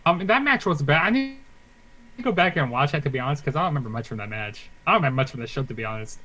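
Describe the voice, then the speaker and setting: A man's voice: a little high, expressive, racing, pushed and bright, low-quality recording. A man co-hosting a casual wrestling chat, talking loosely with lots of fillers and letting sentences trail off. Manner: chatty, filler-heavy, trailing off. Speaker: co-host.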